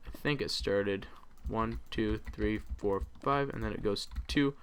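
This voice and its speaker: A man's voice: lowish voice, unhurried, a bit bright, a little hiss or hum. A man hosting a let's play, chatting casually over his gameplay and rambling with many ums and uhs.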